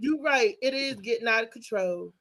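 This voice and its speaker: A woman hosting a casual talk show, telling stories with lively slang and laughter. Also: fairly high pitch, moderate pace, crowd noise. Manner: animated storytelling, laughing, slangy. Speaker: show host.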